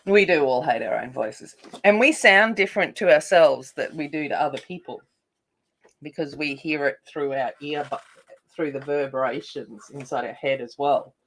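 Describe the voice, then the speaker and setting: A woman's voice: sits low, normal speed. An Australian woman chatting casually with viewers while she colors, in a rambling, chatty way. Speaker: coloring livestream host.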